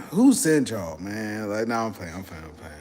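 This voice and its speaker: A man's voice: on the low side, a little mellow. A young man from Texas hosting a casual livestream, joking and swearing as he banters with his chat. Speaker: livestream host.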